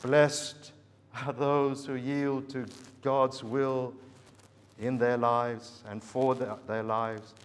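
A man preaching a sermon, slow and emphatic, repeating his key phrases. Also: medium pitch, level tone. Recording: long hall reverb.

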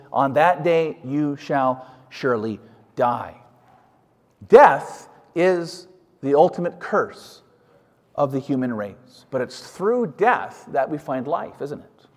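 Animated preacher in a reverberant hall. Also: male voice, on the high side. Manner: emphatic, asks the listeners questions. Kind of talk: sermon.

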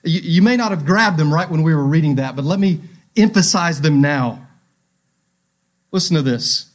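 A man's voice: on the high side, normal speed. A man preaching a sermon, emphatic and repeating his key phrases, reading scripture aloud with drama.

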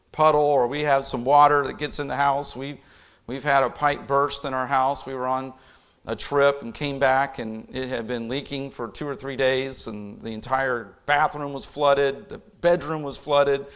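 A man preaching a sermon, reading scripture aloud and rising to loud, impassioned emphasis. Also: medium pitch, creaky, clean tone. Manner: reads scripture in King James wording.

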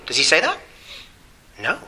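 A middle-aged man preaching a sermon, asking the congregation questions and slowing down on key phrases. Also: a little high, huge pitch swings, pushed and bright, poor audio. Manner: preaching with rhetorical questions and emphatic slow phrases. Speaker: pastor.

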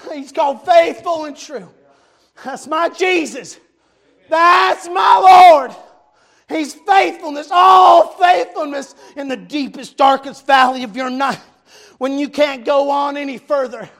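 High gravelly shouting preacher man. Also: slow. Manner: fervent, shouting, repeats refrains. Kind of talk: shouted revival sermon.

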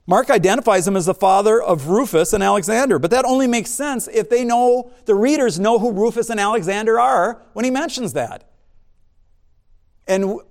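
A man's voice: sits high, vocal fry. A man pastor giving a sermon, preaching in a conversational way with asides and humor.

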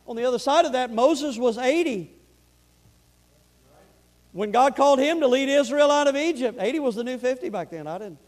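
A pastor with a Southern accent preaching a sermon, emphatic, moving between loud urgent appeals and quiet earnest asides. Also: male voice, extremely high pitch, expressive, moderate pace, long pauses.

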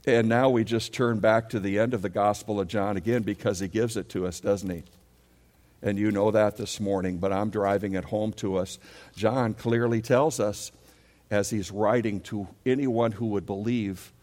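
Male pastor mid-sermon, lively call-and-response delivery, long hall reverb. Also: fairly low pitch. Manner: animated preaching, leads congregation call-and-response.

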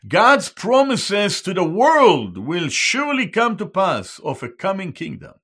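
A man preaching a sermon as a Bible teacher, slow and emphatic, repeating each key term in Hebrew and English. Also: high-pitched, wildly swooping pitch, fairly bright tone, breathy edge.

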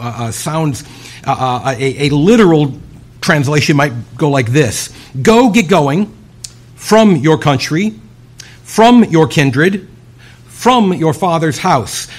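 Emphatic, slow husky male preacher. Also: high voice. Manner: emphatic, with long dramatic pauses and sudden hushed drops. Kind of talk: sermon.

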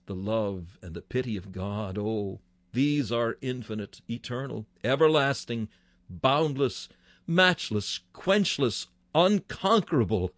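A man's voice: mid-range voice, no echo. A man preaching a sermon with fervent delivery, his voice rising sharply on key words.

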